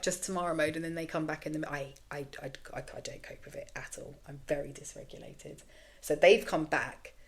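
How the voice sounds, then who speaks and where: A woman in her thirties hosting a candid solo podcast, rambling frankly and self-deprecatingly, swearing freely. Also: deep voice. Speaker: podcast host.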